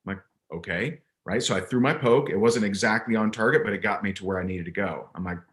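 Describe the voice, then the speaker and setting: A man's voice: on the low side, quick pace, a bit bright. A man, a business coach and interview guest, telling a story from a coaching call in an emphatic, conversational way and often restarting his thoughts. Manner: emphatic, repeats words when restarting a thought.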